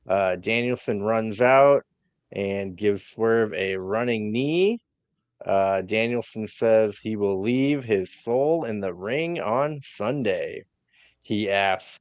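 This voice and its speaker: Slow, low-voiced man on a dull mic. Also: no room sound. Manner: slow, hesitant, many fillers. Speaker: podcast co-host. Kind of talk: recapping a wrestling show.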